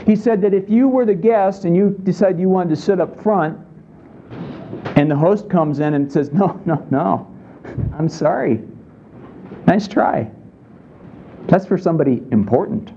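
A male pastor delivers a sermon in a conversational style, frequently putting questions to his congregation. His voice is high and dark in tone, at a moderate pace. The recording is lo-fi with slight background noise.

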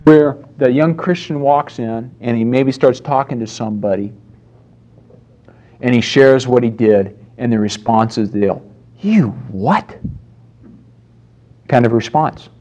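A man's voice: medium pitch, unhurried, dark tone. Conversational male preacher. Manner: storytelling with acted-out quotes, conversational. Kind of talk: sermon.

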